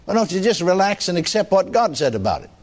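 A man's voice: sits high, big pitch swings, fast. A man preaching a sermon testimony in a folksy storytelling way, often chuckling.

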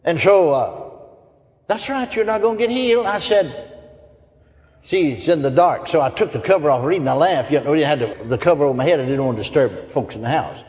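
A man's voice: mid-range voice, expressive, brisk, darkish tone. A man preaching a sermon, telling folksy stories, chuckling often and asking the crowd for amens. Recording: long hall reverb.

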